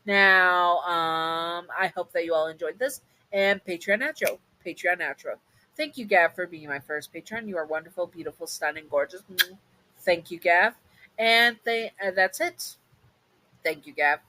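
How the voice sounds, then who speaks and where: A woman's voice: on the low side, unhurried, bright, forceful tone, poor audio. A woman narrating a listener role-play story in a casual, chatty way, sometimes correcting herself. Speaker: narrator and channel host.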